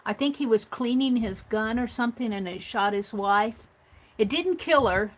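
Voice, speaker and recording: A woman with a fairly high voice hosts a craft livestream. She rambles casually and talks to herself as she works. She laughs easily and often restarts her sentences. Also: moderate pace. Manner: chatty, talks to herself and reads viewer comments aloud.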